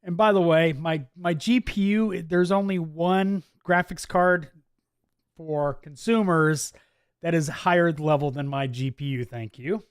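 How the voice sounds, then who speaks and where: Speaking at a measured pace in a smooth, fairly high voice, this man from Wisconsin hosts a relaxed livestream from his home office, his accent a blend of Midwest and Southern US. He chats easily through viewer comments, laughing frequently. The sound is studio quality, with no echo.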